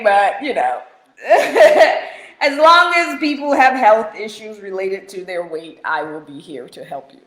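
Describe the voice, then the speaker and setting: A middle-aged woman coach from the US talks slowly and warmly on a live stream, with an unhurried, playful delivery. Her voice is bright and a touch high, and she breaks into laughter often while urging viewers on. The sound carries an echoey room around her. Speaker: weight-loss coach. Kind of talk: casual live-stream chat.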